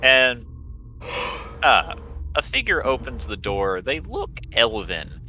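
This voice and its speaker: A man's voice: mid-range voice, sing-song, takes it slowly, pushed and bright, slight background noise, rough recording. A man narrating a tabletop game as game master, describing scenes with small restarts.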